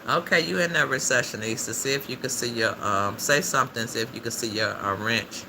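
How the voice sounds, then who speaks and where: A man hosting a livestream in a loose, chatty way, reading out viewers' comments and answering them as he goes, with frequent laughs. His voice has a gravelly rasp at a middling pitch. Steady background noise runs under everything. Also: fairly quick. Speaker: livestream host. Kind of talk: casual livestream chat with viewers. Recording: noisy background ambience.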